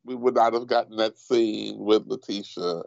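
Male podcast co-host, mid-pitched with a gravelly edge, wry and emphatic, on dull lo-fi audio. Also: moderate pace, a little mellow, no echo. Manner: leads the segment, wry and emphatic. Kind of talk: casual TV recap chat.

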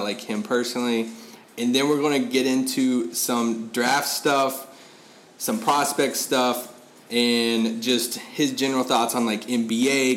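A man's voice: mid-range voice, fairly bright tone, slight background noise. A man hosting a sports podcast, talking loosely with many fillers and restarts. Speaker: podcast host. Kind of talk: casual podcast interview.

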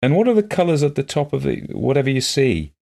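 A man's voice: medium pitch, sing-song, fast, gravelly, dark tone, pitched above the performer's own voice. A man reading the lines of a courteous, lightly wry English motorist in a story.

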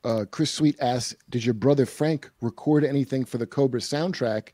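A man's voice: medium pitch, moderate pace, warm tone, no echo, studio quality. A man playing the easygoing sidekick in a casual comedy chat. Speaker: co-host sidekick.

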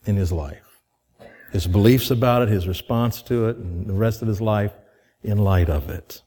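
A man's voice: mid-range voice, dark tone. A man preaching a sermon to a congregation in a conversational way, asking rhetorical questions and growing emphatic as he goes. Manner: grows emphatic and quickens when stirred. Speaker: pastor.

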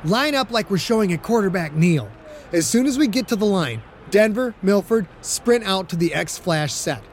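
A man's voice: sits high, animated, moderate pace, slight background noise, voice pushed up. A man playing a fierce hot-headed quarterback. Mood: commanding. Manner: barking curt orders. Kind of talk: audiobook character voice.

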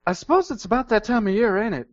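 A man's voice: high-pitched, animated, quick pace, dry recording, lo-fi sound. A man co-hosting a gaming podcast, chatty and rambling, with frequent fillers. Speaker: podcast co-host. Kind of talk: casual chat.

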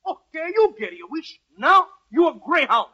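An actor playing a chirpy wish-granting magic sprite in 1940s radio comedy. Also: male voice, extremely high pitch, sing-song, moderate pace, very noisy. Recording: dull 1940s radio broadcast.

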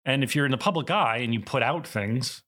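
Middle-aged man, animated raconteur, casual and self-correcting. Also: mid-range voice, a little fast. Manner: animated, with frequent restarts and laughter. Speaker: actor and director, guest. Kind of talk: casual interview storytelling.

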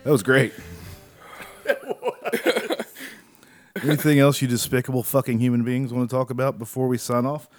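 A man's voice: mid-range voice, normal speed, pauses often, no room sound, faint music behind. A man hosting a podcast in loose, joking casual chat. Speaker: podcast host.

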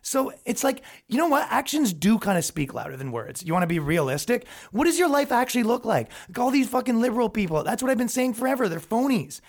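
A man's voice: very high-pitched, sing-song, fast talker, few pauses. Male podcast host; loose, profane, sarcastic rant with lots of restarts. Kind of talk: comedic rant.

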